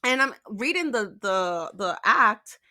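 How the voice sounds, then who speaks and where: A woman's voice: medium pitch, big pitch swings, takes it slowly, sharp tone. A woman telling a storytime vlog, exasperated, acting out the dialogue as she retells it. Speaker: vlogger.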